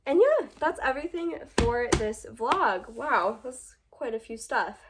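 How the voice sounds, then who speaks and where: A woman's voice: a little high, very animated, unhurried, background noise. Gushing young woman chatting about books. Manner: gushing, chatty, with frequent ums and likes. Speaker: book vlogger and teacher. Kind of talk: casual book haul chat. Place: indoors at home, under a ring light.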